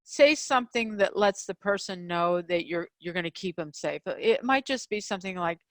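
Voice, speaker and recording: A middle-aged woman hosting a relationship show, teaching communication skills in a casual, animated way, with many fillers and restarts. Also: lowish voice, normal speed, dry recording. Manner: animated, acts out quoted examples in a raised voice; frequent fillers and restarts, laughs between points. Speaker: podcast host and relationship coach.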